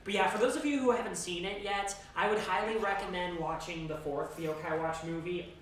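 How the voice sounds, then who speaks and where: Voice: mid-range voice, a little fast, fairly bright tone. Rambling streamer in a very echoey room. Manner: rambling, with frequent restarts and laughs. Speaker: game streamer. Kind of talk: casual chat while gaming. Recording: very echoey, distant, background noise.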